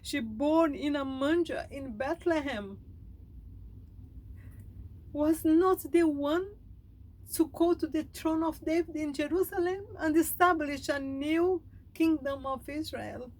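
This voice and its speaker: Slow, high-voiced emotional woman speaker. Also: a little mellow, rough recording. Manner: halting, heartfelt, emotional. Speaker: spiritual speaker. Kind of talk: meditative reflection.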